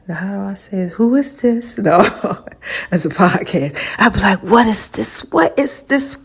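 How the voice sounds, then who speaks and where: A woman hosting her own podcast in a casual, animated monologue, preaching about faith and laughing often. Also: medium pitch. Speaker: podcast host.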